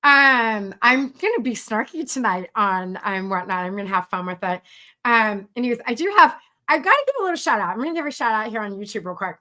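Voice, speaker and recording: A woman's voice: a little high, expressive, brisk, bright, forceful tone. A middle-aged woman coaching creatives on a live stream, chatting casually and animatedly with many fillers and acted-out quotes.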